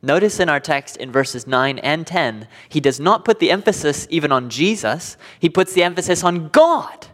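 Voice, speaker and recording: A man preaching a sermon as pastor, swinging between loud emphatic declarations and quiet hushed passages. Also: a little high, expressive, normal speed, few pauses. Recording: long hall reverb.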